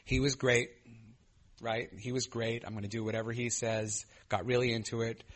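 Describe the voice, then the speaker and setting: A man's voice: mid-range voice, little pitch movement, moderate pace, fairly bright tone. A man in his thirties telling his own recovery story at a meeting, candid and self-mocking, with many fillers and restarts. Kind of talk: personal testimony share.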